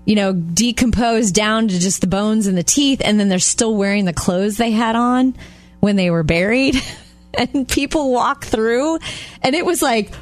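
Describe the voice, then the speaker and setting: A woman's voice: a little high, unhurried, no echo. A woman co-hosting a casual chat, telling stories in a chatty, easygoing way and laughing often. Her voice is recorded close and dry, with faint music playing underneath. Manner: chatty storyteller, laughs easily. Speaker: radio co-host.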